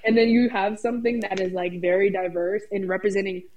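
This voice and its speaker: A woman's voice: mid-range voice, fairly even intonation, a little fast, a little mellow. A woman co-hosting a podcast over a remote call, talking bluntly and emphatically, with some swearing. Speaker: podcast co-host. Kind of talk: casual wrestling podcast chat.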